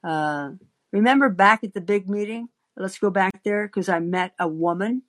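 A woman's voice: medium pitch, normal speed. Woman telling a rambling story. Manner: rambling anecdotal storytelling, frequent fillers and restarts. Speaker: podcast host. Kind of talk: storytelling on a call-in podcast.

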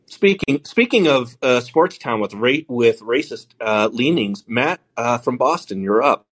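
A middle-aged man hosting a call-in podcast, loose and profane, forever cutting himself off and starting again. His voice sits at a plain, ordinary pitch for a man. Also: expressive, a little slow, fairly bright tone. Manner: loose, profane, self-interrupting. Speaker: podcast host. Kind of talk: casual call-in chat.

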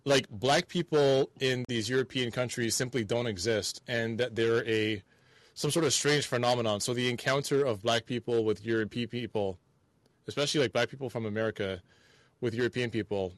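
A man co-hosting a podcast, giving his views in a thoughtful, halting way and repeating words as he thinks. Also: medium pitch, no echo. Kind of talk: casual chat.

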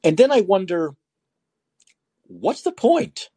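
Sarcastic laughing talk host. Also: male voice, high voice, big pitch swings, takes it slowly, dark tone, dry recording. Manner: sarcastic, laughing while reading news aloud. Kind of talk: late-night call-in commentary.

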